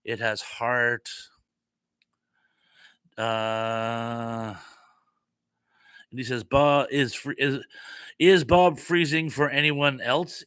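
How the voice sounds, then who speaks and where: A man's voice: medium pitch, steady tone, very slow, pauses often, fairly bright tone, clear, resonant tone, dry recording. A man hosting a casual live stream, reading viewer comments aloud in a chatty, easily flustered way.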